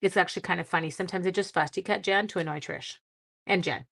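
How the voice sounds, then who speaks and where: A middle-aged woman hosting a casual live craft class, chatty and quick to laugh at herself. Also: fairly low pitch, steady tone, creaky, fairly bright tone.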